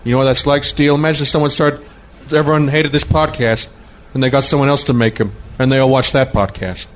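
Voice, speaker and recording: A man's voice: mid-range voice, fairly even intonation, fairly quick, lightly acted. A man doing a giggling comedy impression of an older filmmaker, rambling and breaking character on a noisy podcast. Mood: wistful rambling.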